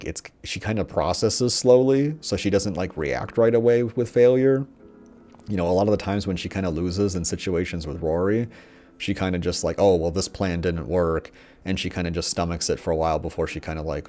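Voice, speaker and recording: A young man giving rambling, profane, mocking commentary, often putting on quick voices of characters. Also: low-pitched, darkish tone. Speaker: commentator on a TV show. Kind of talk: casual ranting commentary.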